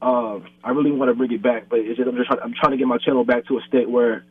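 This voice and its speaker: A man's voice: medium pitch, steady tone, fast talker, no room sound. A young man and YouTuber, chatting loosely in an interview, filling his talk with "like" and "bro". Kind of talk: casual interview chat. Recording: thin phone-line sound, husky and dry.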